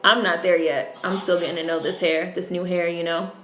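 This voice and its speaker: A woman's voice: fairly low pitch, level tone, a little fast, fairly bright tone, slight background noise. A woman with a New York accent hosting a casual livestream, chatting bluntly with lots of swearing. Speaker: livestream host. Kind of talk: casual live-stream chat. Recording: echoey room.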